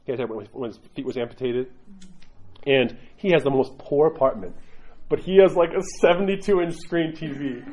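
A male priest giving an informal sermon full of stories and asides, in a conversational, animated way. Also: mid-range voice, normal speed.

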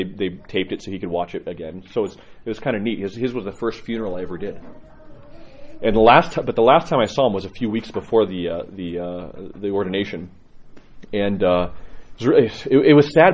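A middle-aged man, an Orthodox priest, telling candid personal stories with laughs and halting restarts. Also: lowish voice, a little mellow, breathy edge, dull audio. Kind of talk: personal storytelling talk.

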